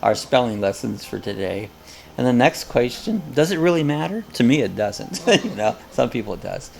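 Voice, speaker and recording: A man's voice: mid-range voice, sing-song, moderate pace, creaky. A man hosting a casual live chat, rambling and joking as he tells stories. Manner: rambling, jokey storyteller.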